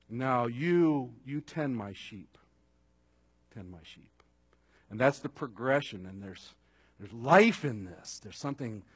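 A man preaching a sermon at an evening service, earnest, building to strong emphasis and then dropping to a hushed, intimate tone. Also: medium pitch, dry recording. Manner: earnest, swings between raised emphasis and quiet intimacy.

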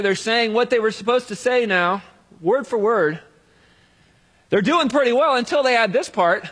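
A man's voice: very high voice, animated, moderate pace, fairly bright tone, breathy edge, long reverb tail. A man preaching a sermon in a conversational way, with jokey everyday analogies.

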